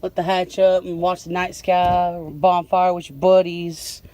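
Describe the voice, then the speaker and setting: Slow, laid-back, swearing young woman. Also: fairly low pitch, level tone, warm tone. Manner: laid-back, profane, slangy. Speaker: vlogger. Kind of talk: casual vlog chat.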